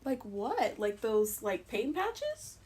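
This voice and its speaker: A woman's voice: a little high, wildly swooping pitch, slow, background noise. A young woman streaming live as she sews, chatting and giggling and muttering to herself as she works. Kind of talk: live-stream chat while sewing.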